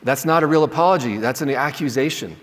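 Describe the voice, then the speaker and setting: A man's voice: medium pitch, fast, fairly bright tone. Male teacher, mid-range voice, casual classroom delivery with frequent "right?" check-ins, long hall reverb. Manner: conversational, checks in with "right?", acts out sample apologies. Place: lecture hall.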